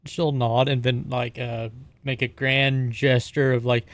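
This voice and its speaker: Giggly, gravelly-voiced man playing a tabletop game. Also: mid-range voice, flat delivery, unhurried, no room sound. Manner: giggly, describing his character's actions with "like". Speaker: player. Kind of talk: casual tabletop role-play.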